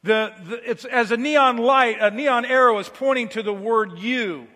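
High-voiced, bright-toned male preacher. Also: unhurried, hardly any pauses, in a large hall. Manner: swings from quiet, low passages to loud emphatic declarations. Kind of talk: sermon.

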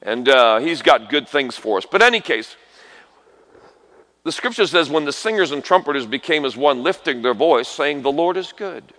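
A man preaching a sermon as a guest preacher, animated and folksy, trading call-and-response with the congregation and swinging between quiet asides and shouted exhortations. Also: fairly high pitch, normal speed. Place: large church hall. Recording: reverberant church hall.

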